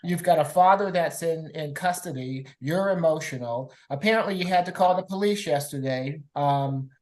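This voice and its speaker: A woman presiding as a judge in a court hearing, asking questions in a measured, stern way. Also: deep voice, darkish tone, poor audio.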